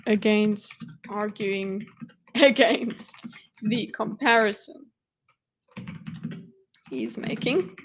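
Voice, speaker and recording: A woman's voice: medium pitch, very slow, pauses often, a little hiss or hum. A woman streamer talking casually as she reads out and picks apart a debate, with joking asides and half-muttered notes to herself. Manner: chatty, muttering asides while reading along. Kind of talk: casual livestream commentary.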